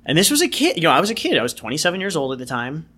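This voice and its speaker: A man's voice: on the high side, wildly swooping pitch, racing, sharp tone, breathy edge. A man guest casually telling a personal story, rambling with lots of "like" and "you know". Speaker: podcast guest.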